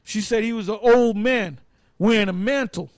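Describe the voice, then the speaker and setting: A man's voice: high voice, normal speed, no room sound. A man teaching the Bible in a casual, rambling, emphatic way. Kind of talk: casual preaching.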